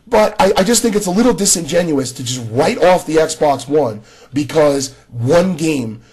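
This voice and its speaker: Husky-voiced man ranting about games. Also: fairly high pitch, expressive, normal speed, a little mellow. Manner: conversational, frequent restarts, addresses another creator directly. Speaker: gaming commentator. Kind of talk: casual video response rant.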